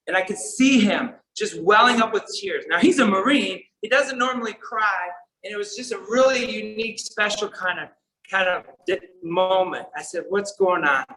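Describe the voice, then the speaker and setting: A man giving a storytelling speech at a conference, earnest, sometimes soft and sometimes emphatic. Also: high voice, moderate pace, poor audio. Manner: earnest, shifts between soft and emphatic delivery. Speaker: keynote speaker.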